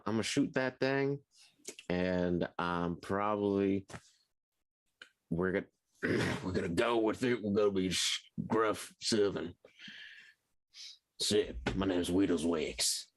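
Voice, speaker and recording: A man introducing his game character in halting casual talk full of fillers. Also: low voice, no echo. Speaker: player. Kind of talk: casual chat.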